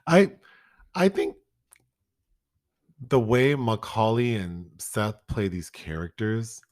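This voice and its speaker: A man's voice: lowish voice, slow pace, dry recording, studio quality. A man co-hosting a podcast, chatting casually about a movie and laughing as he quotes lines. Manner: animated, laughs often, acts out quotes. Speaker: podcast co-host. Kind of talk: casual film review chat.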